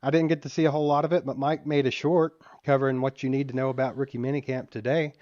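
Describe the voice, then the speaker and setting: A man's voice: medium pitch, flat delivery, fast talker, a little mellow, dry recording. Laid back guy cohosting a sports pod, kinda muffled dry audio. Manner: easygoing, laughs often. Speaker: podcast co-host. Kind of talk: casual sports chat.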